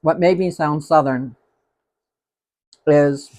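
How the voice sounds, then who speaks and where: A man's voice: a little high, fairly even intonation, slow, darkish tone. A man hosting a live cooking stream, chatting casually and rambling as he tastes the food. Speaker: cooking show host.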